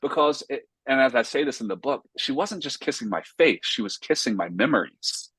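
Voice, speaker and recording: A man's voice: mid-range voice, animated, a little fast, a bit bright, husky, no room sound. A man from North Carolina, a pastor and author, telling a personal story earnestly in a casual interview. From Raleigh, North Carolina, US.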